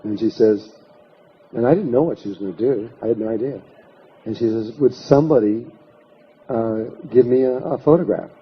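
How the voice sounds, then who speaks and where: A man at a workshop narrates a long story at normal speed, his mid-range voice carrying a breathy edge. He acts out the quoted voices and keeps restarting his sentences, giving an anecdotal storytelling lecture. The audio is dull and lo-fi.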